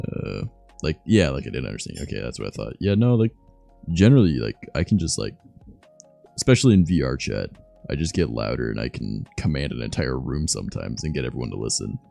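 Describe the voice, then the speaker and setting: A young man from Canada with a deep voice, chatting loosely and softly on his stream, swearing as he goes. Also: sing-song, quick pace, gravelly, faint music behind. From Southern Ontario, Canada. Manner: soft-spoken, loose and swearing. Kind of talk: casual stream chat.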